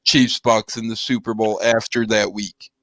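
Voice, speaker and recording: A man's voice: on the low side, little pitch movement, normal speed, fairly bright tone, dry recording. Brief: man, podcast host, chatty, asks the questions, dry close sound. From lives in Chicago. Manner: chatty, steers the talk with questions. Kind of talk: casual sports podcast chat.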